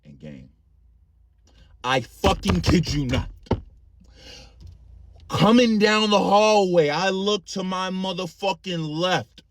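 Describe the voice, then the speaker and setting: A man's voice: high voice, slow pace, long pauses. A man telling a casual, profane story and calling his listeners gang.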